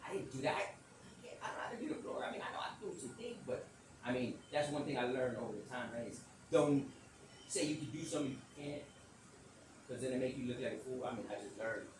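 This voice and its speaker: A man who calls himself a psychic medium tells a rambling personal story. He talks loudly and acts out what people said, often laughing. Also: mid-range voice, fast, noisy background. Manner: animated, loud, acts out quotes and laughs often. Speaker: self-described psychic medium telling a story. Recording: echoey, distant mic with faint ambience.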